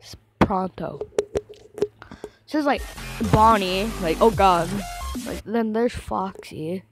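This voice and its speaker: Woman host, a bit sick, unhurried reaction commentary, bursts of excitement. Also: medium pitch, loud music behind the voice. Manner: excitable, exclaims often. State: sick with a cough.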